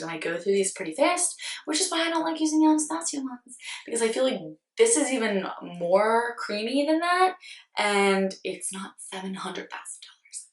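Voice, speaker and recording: Chatty young woman, slightly hoarse. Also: mid-range voice, a bit bright, echoey room, recorded from a distance. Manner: chatty, rambling, self-deprecating, lots of "like". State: losing her voice, slightly hoarse. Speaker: beauty vlogger. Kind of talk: casual product review.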